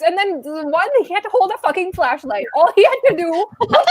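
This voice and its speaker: A woman's voice: very high voice, animated, fairly quick. A young woman in a book club chat on a video call, ranting animatedly, swearing and laughing. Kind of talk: casual chat.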